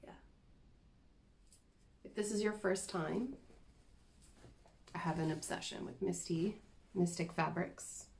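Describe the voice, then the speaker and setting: Unhurried woman chatting about crafts. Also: fairly low pitch, vocal fry, darkish tone, slight background noise. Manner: chatty, self-deprecating, giggly asides. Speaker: cross-stitch vlogger. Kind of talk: casual show-and-tell chat.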